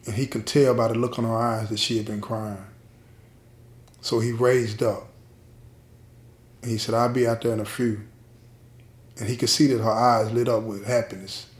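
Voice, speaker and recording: A man telling a prison love story in a plain, street-style way, with drawn-out pauses. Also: lowish voice, little pitch movement. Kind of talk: spoken storytelling. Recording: roomy echo.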